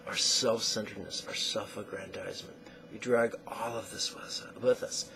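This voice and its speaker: A man teaching a guided meditation lesson in slow, deliberate phrases that trail off into soft near-whispers. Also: lowish voice, fairly even intonation, gravelly, background noise.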